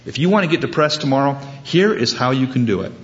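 A man's voice: medium pitch, lively intonation, quick pace, lo-fi sound. A man preaching a sermon, storytelling with humorous asides and acting out the people he quotes. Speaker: pastor.

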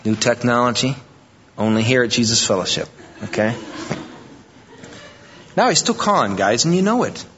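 A male pastor preaching a sermon, animated and conversational, mixing emphatic passages with joking asides. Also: mid-range voice, moderate pace, pauses often, slight background noise. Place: church sanctuary. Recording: dull, lo-fi audio with long reverb in a large hall.

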